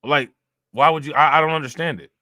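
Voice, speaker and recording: Young guy w/ riffing on stream, lots of "you know", bright dry voice. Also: on the high side, steady tone, quick pace, no room sound. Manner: loose and conversational, fillers and repeats. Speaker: livestream commentator. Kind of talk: casual live commentary reading chat.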